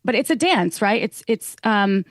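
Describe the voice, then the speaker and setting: A woman's voice: mid-range voice, expressive, normal speed, no room sound. A woman talking earnestly as a podcast guest, acting out the lines she quotes. Her voice sits in a middle range and is recorded close and dry, with no room sound. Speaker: guest, sex educator. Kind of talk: casual chat.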